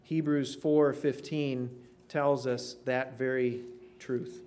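A man preaching a sermon in an earnest way, sinking to a hush on key phrases. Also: mid-range voice, flat delivery, slow pace. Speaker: pastor.

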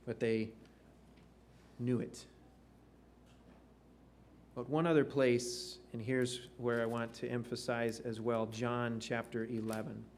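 A man's voice: medium pitch, darkish tone, a little hiss or hum. A man preaching a sermon, reading scripture aloud and explaining it with rising emphasis. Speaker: pastor.

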